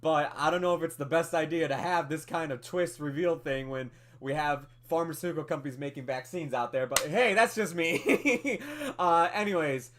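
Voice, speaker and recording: A man's voice: a little high, moderate pace, few pauses, a little hiss or hum. Chatty man reviewing a film. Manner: animated, chatty, many fillers, laughs often. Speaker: movie podcast co-host. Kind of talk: casual film review chat.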